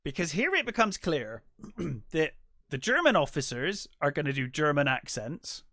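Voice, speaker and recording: A man co-hosting a casual film podcast, talking in an animated way and acting out his own reactions. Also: a little high, moderate pace, no echo, studio quality. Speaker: podcast co-host.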